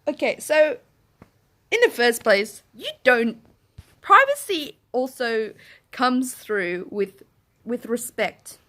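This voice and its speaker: Speaking slowly in a fairly high voice, a young woman vlogger rants casually to the camera in front of her while telling a story. She's animated, swears, breaks into laughter, and shouts out what people said as she acts it out.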